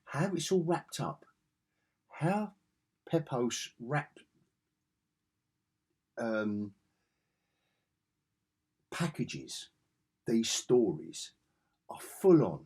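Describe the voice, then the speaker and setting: A man's voice: medium pitch, darkish tone, husky. A man talking through comic books in a casual review vlog, chatty and enthusiastic.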